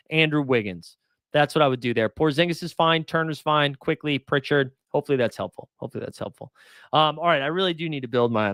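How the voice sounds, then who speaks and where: A man hosting a casual livestream, chatting and reading viewer comments, animated, swinging from mock outrage to mumbled asides. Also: a little high, dry recording, studio quality. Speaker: livestream host.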